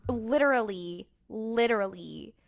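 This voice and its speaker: A woman's voice: on the high side, measured pace, gravelly. Woman recapping a TV episode, quoting characters. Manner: animated retelling, acting out quotes with laughs. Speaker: podcast co-host. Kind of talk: casual rewatch podcast recap.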